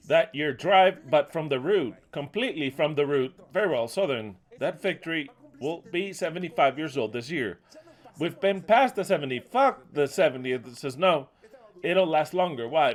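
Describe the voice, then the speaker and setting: Fiery profane preacher. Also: male voice, a little high. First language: Spanish. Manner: fiery and profane, cursing loudly. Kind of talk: impassioned sermon.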